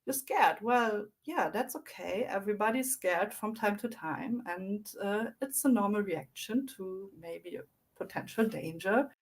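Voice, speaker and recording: A gentle, reassuring adult, as a woman plays it. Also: medium pitch, a little slow, close to an everyday voice. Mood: soothing. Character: calm soothing adult comforting a child.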